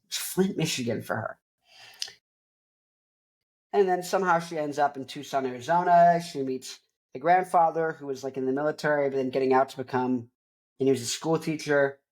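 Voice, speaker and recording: A man's voice: fairly high pitch, normal speed, a little mellow. A man in his twenties hosting a show, talking casually in a rambling, tangent-prone way. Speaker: host. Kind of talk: casual chat.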